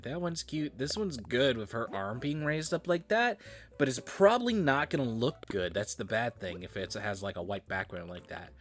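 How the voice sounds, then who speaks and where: A man's voice: medium pitch, animated, slow, soft background music. A tired man casually muttering and commenting as he plays a game, swearing now and then. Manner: muttering, swears casually, drifts between loud and quiet. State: tired, yawning. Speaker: gaming streamer.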